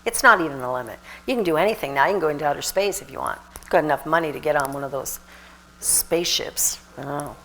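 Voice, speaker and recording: A woman minister giving a lively, animated sermon, with sudden shouted exhortations and laughter. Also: low voice, quick pace, slight background noise, low-quality recording.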